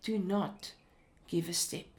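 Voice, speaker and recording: A woman presenting an educational talk in a slow, deliberate way. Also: lowish voice, fairly even intonation.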